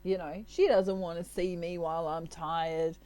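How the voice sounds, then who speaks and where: A woman's voice: lowish voice, fairly even intonation, moderate pace, mellow, low-quality recording. A woman giving a casual tarot reading, chatty and playful, laughing often. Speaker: tarot reader.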